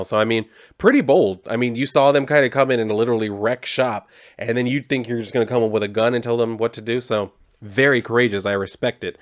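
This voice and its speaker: A man's voice: medium pitch, fast talker. A man casually recapping a comic book, reading out its dialogue and adding sarcastic asides. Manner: sarcastic, reads out dialogue in a flat paraphrasing voice.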